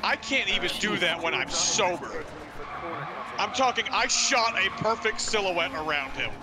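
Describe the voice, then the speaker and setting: A man's voice: sits high, animated, measured pace. A man telling rambling joke stories in casual chat while gaming, acting out the quotes. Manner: rambling storyteller, acts out quotes. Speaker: streamer. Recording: noisy game stream audio.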